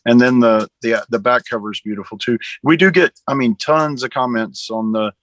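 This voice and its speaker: A man's voice: mid-range voice, moderate pace, no echo, rough recording. Grateful charity guy on a podcast, stumbly starts, dry close mic. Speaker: charity organizer guest. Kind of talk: casual interview talk.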